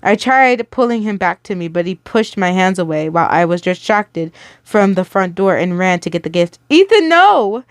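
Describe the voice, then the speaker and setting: A woman's voice: fairly low pitch, normal speed, clean tone, dry recording, studio quality. A young woman reading a listener story aloud in a casual way, stumbling over words and stopping to react.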